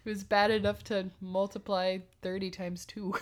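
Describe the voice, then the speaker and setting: A woman's voice: mid-range voice, fairly even intonation, measured pace. A woman hosting a podcast, reading a fairy tale aloud and breaking off for giggly, irreverent asides with casual swearing. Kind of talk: casual read-aloud with commentary.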